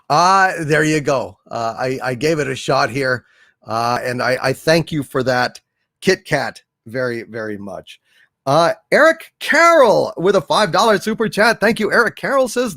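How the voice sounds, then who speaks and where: A man hosting a comedy live stream, reading out viewer messages in an animated, halting way with many fillers. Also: fairly high pitch, dry recording, studio quality. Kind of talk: casual live stream chat.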